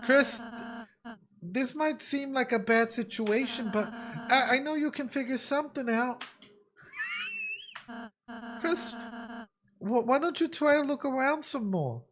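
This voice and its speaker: A man voicing a gentle, shy young male goat-like prince from a video game, in a soft, earnest, hesitant way. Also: very high voice, measured pace, long pauses, noisy background, voice pushed up. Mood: encouraging. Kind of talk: reading game dialogue aloud in character.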